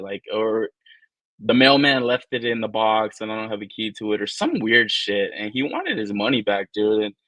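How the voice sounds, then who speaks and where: A man's voice: fairly low pitch, no echo. A man co-hosting a toy-collecting live stream, talking in a rambling, profane, casual way and acting out the people he quotes. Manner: profane, rambling, animated storyteller who acts out quotes. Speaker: podcast co-host.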